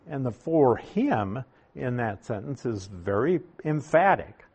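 A man preaching a sermon, teaching through a Bible passage verse by verse in a deliberate, emphatic way. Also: medium pitch, expressive, creaky, husky.

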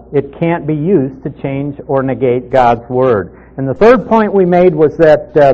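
A man leads a Bible study, first reading a passage and then explaining it step by step. His voice sits a little high but sounds mellow and relaxed. The recording is somewhat dull and lo-fi. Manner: steady, methodical teaching with reading aloud. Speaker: Bible teacher.

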